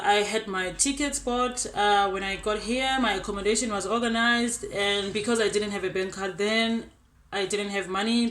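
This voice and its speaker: A woman's voice: mid-range voice, a bit bright. Upbeat young South African woman, echoey room. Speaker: exchange student. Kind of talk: casual testimonial. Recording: roomy echo.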